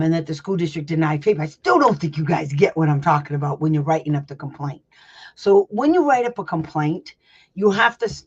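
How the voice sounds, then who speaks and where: Chatty, blunt woman on a dull lo-fi recording. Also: low voice. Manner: chatty and rambling, laughs often, blunt and salty. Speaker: special education advocate host. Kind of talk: casual livestream teaching chat. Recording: slightly dull lo-fi sound.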